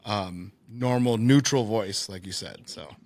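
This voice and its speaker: A man's voice: lowish voice, a little slow, darkish tone, slight background noise. A young man hosting a podcast in casual chat, laid-back and saying dude and man a lot. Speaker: podcast host.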